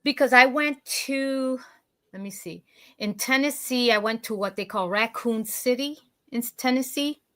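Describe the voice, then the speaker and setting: A woman's voice: on the high side, moderate pace, bright, forceful tone. A woman guest in casual chat, rambling a little with many restarts.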